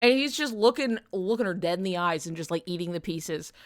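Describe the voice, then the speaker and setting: A woman's voice: lowish voice, a little fast. A woman streamer telling a story in casual chat, swearing and laughing as she goes. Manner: animated storytelling, swears a lot, bursts into laughter.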